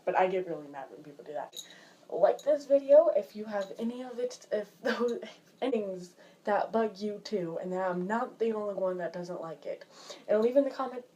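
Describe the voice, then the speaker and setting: A teenage girl vlogging from home, chatting and complaining in an exasperated way while acting out everyday scenes in lively voices. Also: medium pitch. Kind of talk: casual vlog rant. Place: her home, indoors.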